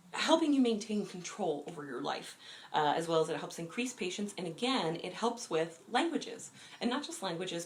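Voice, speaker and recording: A woman's voice: on the low side, a bit bright. A woman hosting a witchcraft livestream, chatting enthusiastically about crystals with plenty of fillers. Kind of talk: casual livestream talk.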